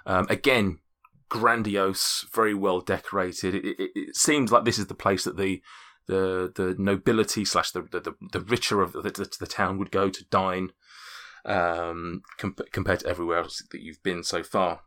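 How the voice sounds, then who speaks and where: A male game master describing a fantasy town to his players. His voice is bright and a touch low, and he narrates haltingly, with frequent fillers and restarts. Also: steady tone.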